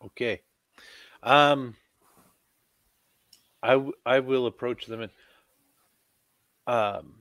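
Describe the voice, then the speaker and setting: Slow laid-back player guy, dry close mic. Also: mid-range voice, fairly bright tone, no room sound. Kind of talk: casual game chat.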